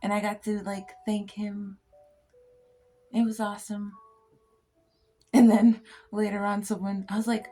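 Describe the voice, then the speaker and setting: A woman's voice: mid-range voice, a little slow, gravelly, long pauses, mellow, soft background music. A woman host telling stories in a casual chat. She giggles often, swears freely and drops into whispers now and then. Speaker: poet and podcast host.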